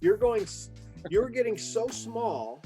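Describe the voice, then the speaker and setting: A man hosting a casual talk show, retelling a story in a lively, excitable way and acting out what people said. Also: high voice, slow pace, soft background music. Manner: excitable, vivid retelling with acted-out quotes. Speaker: podcast host. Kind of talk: animated storytelling in casual conversation.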